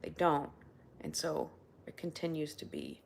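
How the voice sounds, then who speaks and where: A woman talking through her feelings in a casual solo check-in, candid and rambling, swearing freely and sometimes dropping to a hushed voice. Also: low voice, very animated, unhurried, creaky. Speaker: video diarist.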